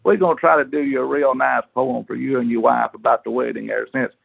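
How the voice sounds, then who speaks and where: A man calling in to a sports show, drawling through rambling shout-outs. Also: mid-range voice, fairly even intonation, a little fast, vocal fry, dry recording. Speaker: caller. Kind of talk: phone-in call. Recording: phone line.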